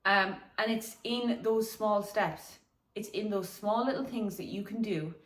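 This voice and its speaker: A woman in a casual, reflective talk about slowing down, speaking loosely with swearing and laughter while out on a morning walk. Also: medium pitch, roomy sound, recorded from a distance. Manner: meandering, chatty, swears casually, laughs often. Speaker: wellness vlogger.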